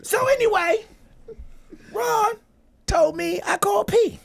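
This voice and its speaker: A man hosting a radio talk show, telling stories in loud, animated casual chat full of swearing. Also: extremely high pitch, slow pace, vocal fry.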